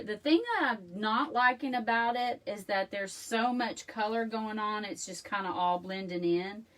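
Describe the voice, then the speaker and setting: A woman's voice: medium pitch, a bit bright, recorded from a distance. A chatty woman, hosting a casual home craft tutorial. She laughs often and talks straight to her viewers as she works. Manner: chatty and self-deprecating, laughs often, addresses viewers as y'all. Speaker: crafting video host. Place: home craft room, indoors.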